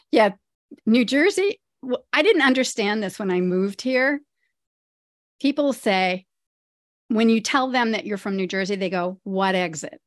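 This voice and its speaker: A woman's voice: a little high, lively intonation, unhurried, pauses often, no room sound, clean studio sound. A middle-aged woman, a podcast guest, speaking in a friendly, casual way and laughing easily. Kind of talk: casual interview chat.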